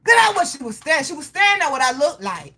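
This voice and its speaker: A young woman tells a story in casual talk to her followers. Her voice sits high and rings bright, and she swears and hits every word hard. She laughs often as she talks. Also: fast. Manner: animated, profane, emphatic storytelling with frequent laughter. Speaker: livestream host.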